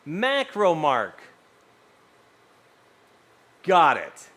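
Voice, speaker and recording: A man's voice: fairly high pitch, very slow. A young man livestreaming in casual chat, rambling and cursing freely as he talks to his viewers. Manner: rambling, animated, swears freely.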